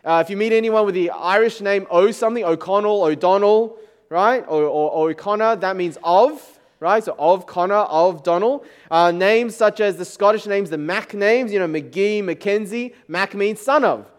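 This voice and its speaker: A man's voice: high-pitched, moderate pace, clean tone. A man preaching a sermon as pastor, talking to the congregation in a conversational, joking way. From Chinese background.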